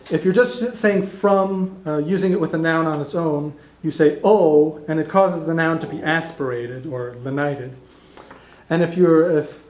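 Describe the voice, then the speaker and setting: A man's voice: fairly high pitch, a little mellow. A man teaching a beginner language class, explaining patiently with fillers and restarts. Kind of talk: classroom lesson. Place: classroom in a cultural center. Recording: echoey classroom recording.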